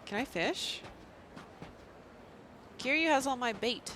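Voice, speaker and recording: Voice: high voice, lively intonation, takes it slowly, pushed and bright, a little hiss or hum. A game streamer giving casual, self-mocking commentary and reading menus aloud while playing. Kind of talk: casual let's-play commentary.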